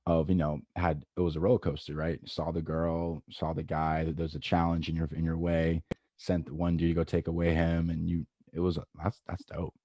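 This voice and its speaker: A man's voice: extremely low pitch, mellow, breathy edge, no echo. A man hosting a podcast, reacting in a laid-back, slangy way and repeating himself. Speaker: podcast host. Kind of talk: casual chat.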